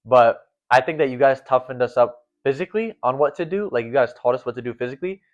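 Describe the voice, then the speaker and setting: A young man in his late teens, a former volleyball setter appearing as a guest, talks casually and earnestly with lots of fillers. His mid-range voice moves at a quick pace in this conversational chat, heard on a dull, lo-fi recording.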